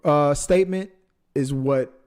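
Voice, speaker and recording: A man's voice: a little high, measured pace, darkish tone, smooth. Rambling male movie podcast co-host. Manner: rambling, many restarts, jokey. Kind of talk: casual chat.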